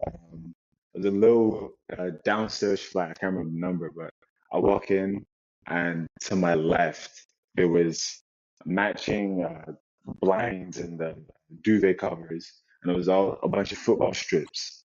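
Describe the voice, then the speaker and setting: A young man from Nigeria, a football player, telling his story in a relaxed interview chat with many restarts. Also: low voice, unhurried, vocal fry, no echo. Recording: dull lo-fi sound.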